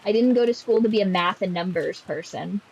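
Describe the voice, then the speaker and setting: A woman's voice: medium pitch, a little fast, a little mellow, breathy edge, dull audio. A woman streaming a game, chatting casually with sarcastic, profane jokes.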